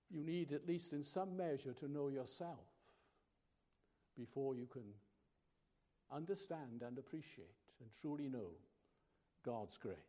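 A man preaching a sermon, slow and emphatic, pausing between phrases. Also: medium pitch, dark tone.

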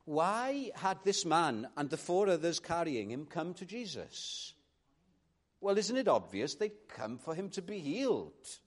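A man preaching a sermon in an earnest manner, rising to emphatic calls and dropping to quiet reflection. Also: a little high, sing-song, unhurried.

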